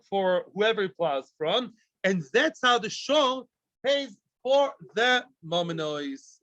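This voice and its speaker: A man teaching a daily Talmud class, lively, asking and answering his own questions and speaking straight to his students. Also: very high-pitched, no echo. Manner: talks directly to students.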